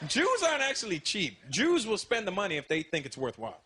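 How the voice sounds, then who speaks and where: A male stand-up comedian telling animated stories and switching into character voices. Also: high voice, brisk, slightly rough. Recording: live show over loud audience noise.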